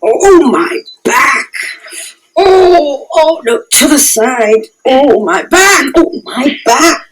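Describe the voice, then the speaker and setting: A woman's voice: on the low side, lively intonation, takes it slowly, rough recording. A woman voicing a garrulous old nurse who groans about her aching bones and dawdles teasingly in a radio play. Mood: groaning.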